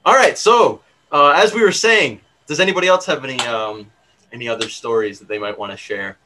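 A man's voice: medium pitch, pushed and bright, a little hiss or hum, rough recording. Young male host, twenties, casual reminiscing, fillers, easy laughter. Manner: halting, many fillers, laughs easily. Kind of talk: casual chat.

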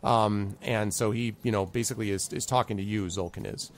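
A man's voice: fairly quick, creaky. A man narrating a tabletop role-playing game as game master, with many ums and asides. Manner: rambling, lots of ums, pitches up for quoted characters.

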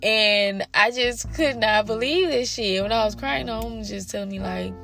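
A woman's voice: fairly high pitch, moderate pace, creaky, pushed and bright, soft background music. A young woman, a parent, telling frank, profane stories straight to her viewers, acting out the voices of her family as she goes. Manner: frank and profane, acts out quoted family members. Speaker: parent sharing personal stories. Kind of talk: candid personal storytelling to viewers.

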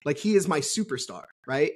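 A man's voice: fairly high pitch, big pitch swings, fairly quick, breathy edge. A man guest on a podcast, talking casually and bluntly with plenty of swearing, telling his story candidly. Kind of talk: casual conversational interview.

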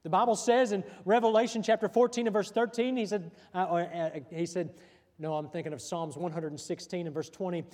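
A man preaching a sermon as pastor, pausing often, repeating rhetorical questions and letting his voice drop softly at the ends of lines. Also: high-pitched, steady tone. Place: church sanctuary. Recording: church hall reverb.

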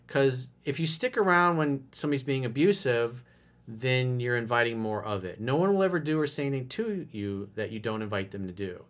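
A man's voice: medium pitch, animated, brisk. A man giving blunt relationship advice in a monologue, answering a listener's letter and swearing freely as he acts out lines of dialogue. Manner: blunt, direct and profane, acting out lines of dialogue.

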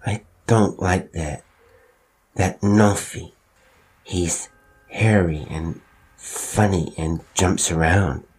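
A man's voice: low-pitched, fairly even intonation, very slow, pauses often, a little mellow. A man voicing a small chubby boy who lisps and sounds timid. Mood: frightened. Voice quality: lisp.

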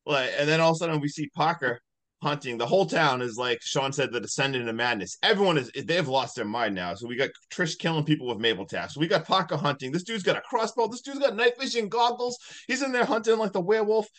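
A man hosting a podcast, casually recapping a movie in a rambling, animated way full of "like". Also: a little high, quick pace. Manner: rambling, animated retelling with many likes. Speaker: podcast host.

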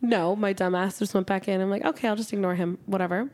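A young woman on a podcast mic recounts her night out in an excited, storytelling rush. Her talk is full of "like" fillers and casual swearing. Her pitch sits in the middle range. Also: fast. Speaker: podcast co-host. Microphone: studio podcast mic.

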